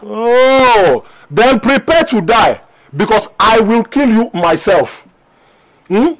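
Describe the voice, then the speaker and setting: An actor with a Nigerian accent playing a bossy older brother who coaxes with repeated "eh?" and then threatens, in a film drama. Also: male voice, on the high side, animated, unhurried, rough recording. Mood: threatening. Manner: coaxing with tag questions "eh?", turning to shouted threats. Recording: film music behind.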